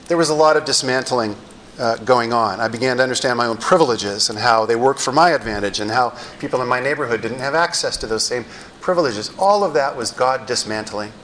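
A middle-aged male pastor telling stories in a sermon, animated and wryly self-deprecating. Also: mid-range voice, a little hiss or hum, poor audio. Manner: animated storyteller with wry self-deprecating humor. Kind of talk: sermon storytelling.

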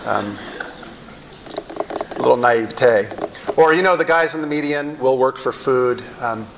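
A middle-aged male pastor telling stories in a sermon, animated and wryly self-deprecating. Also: mid-range voice, unhurried, vocal fry, background noise. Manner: animated storyteller with wry self-deprecating humor. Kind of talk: sermon storytelling.

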